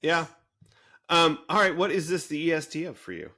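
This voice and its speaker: A man co-hosting a podcast, talking in a casual, animated way with many fillers. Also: on the high side, normal speed. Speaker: podcast co-host. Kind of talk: casual chat.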